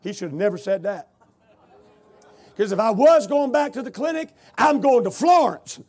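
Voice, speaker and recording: A man preaching a revival testimony, telling his story with rising shouted intensity. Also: very high voice, animated, moderate pace. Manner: storytelling, builds to loud shouting.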